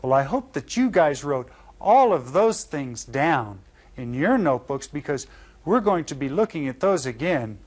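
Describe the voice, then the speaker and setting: A man teaching an elementary Spanish class, his voice sitting a little high. He speaks in a friendly, encouraging way and slows right down to say each Spanish phrase clearly for young learners. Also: sing-song. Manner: slow, carefully enunciated Spanish phrases for learners.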